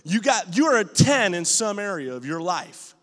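A man pastor preaching a lively sermon in a church auditorium, telling stories with emphasis and rising to shouts. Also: sits high, moderate pace, in a large hall. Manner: emphatic, storytelling, rises to shouts.

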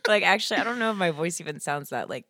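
Lively, lower-pitched giggly woman. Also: no room sound, clean studio sound. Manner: giggly, playful, quick to tease. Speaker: podcast co-host. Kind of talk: casual banter.

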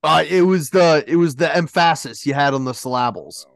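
A man's voice: a little high, moderate pace, vocal fry, no room sound, clean studio sound. A man co-hosting a casual podcast, laid-back and defending himself with a grin. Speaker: podcast co-host.

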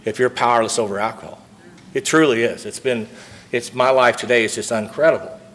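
A man's voice: mid-range voice, fairly even intonation, a little fast, fairly bright tone. Earnest man telling a recovery story. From St. Louis, Missouri. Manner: earnest storytelling, acts out dialogue. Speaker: recovery meeting speaker. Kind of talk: speaker talk at a recovery convention.

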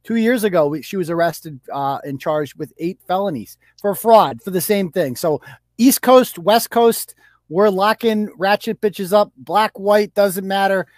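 High-voiced, blunt, profane male host. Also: no room sound, clean studio sound. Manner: blunt, profane, quick to laugh. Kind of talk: casual livestream chat.

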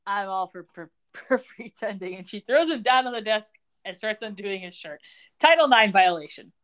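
Lively, jokey woman recapping a show. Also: mid-range voice, moderate pace. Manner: animated, jokey, acts out the characters' lines while retelling. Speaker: podcast co-host recapping a TV episode. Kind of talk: casual recap chat.

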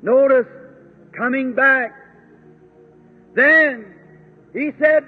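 A man preaching a sermon in a fervent, drawn-out way, breaking into exclamations. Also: extremely high pitch. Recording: tinny lo-fi old sermon tape.

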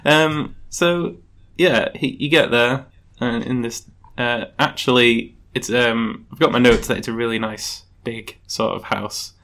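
A man narrating as game master of a tabletop game, halting often and giggling as he goes. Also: medium pitch, steady tone, a bit bright. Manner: giggly, halting, with many ums.

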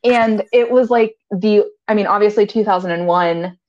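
A woman's voice: medium pitch, normal speed, darkish tone. Chatty, giggly woman recapping an episode. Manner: chatty, giggly, quotes characters in voices. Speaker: podcast co-host recapping a TV episode. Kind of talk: casual recap chat. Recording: slightly dull lo-fi sound.

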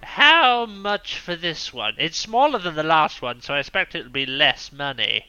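A man's voice: fairly high pitch, sing-song, measured pace, pushed and bright, clear, resonant tone, highs cut off, soft background music. A man playing a tabletop game, talking playfully and hesitantly with a lot of ums. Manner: playful, hesitant, laughs between lines. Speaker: player. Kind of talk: casual tabletop game chat.

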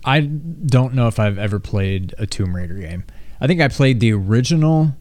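A man co-hosting a casual gaming podcast, talking in a low-key, unenthused way that trails off. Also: animated, normal speed, a little mellow. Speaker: podcast co-host.

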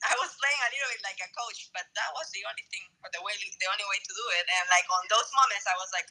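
A woman from Bolivia, a former tennis player, talks about her past as a guest. Her voice is very bright and sharp and comes through a tinny phone line. She tells stories with animation and acts out the lines she once said. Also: medium pitch, fast talker, hardly any pauses. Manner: animated storytelling, acting out quotes. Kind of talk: casual interview conversation.

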